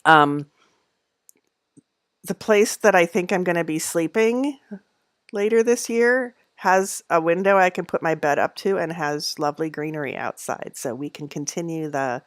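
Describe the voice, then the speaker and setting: Middle-aged woman, casual livestream chat, lowish voice, dry close sound, rambling with fillers. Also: a little slow, no echo. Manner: rambling, chatty, many fillers and laughs; coos in a high voice at her cats. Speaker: knitting channel host. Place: at home.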